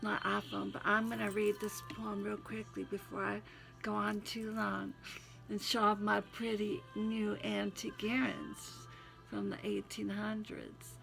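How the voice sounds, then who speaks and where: A woman's voice: mid-range voice, creaky, fairly bright tone. An older woman with a Southern accent, chatting in a folksy way into her phone and sneezing now and then, then reading a devotional poem. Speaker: poetry reader.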